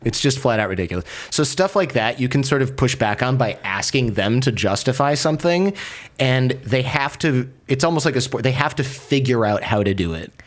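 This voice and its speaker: A man's voice: mid-range voice, lively intonation, a little fast. Man telling stories with mimicked voices. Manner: acts out quoted voices, sarcastic, swears casually. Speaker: podcaster and lawyer, guest. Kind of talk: animated storytelling in conversation.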